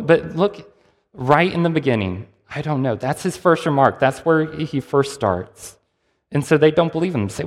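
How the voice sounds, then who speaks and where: A man's voice: on the high side, normal speed. A man preaching a sermon in a conversational, storytelling way, acting out the people in the passage as he goes. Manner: conversational, lively storytelling with acted-out quotes. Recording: long hall reverb.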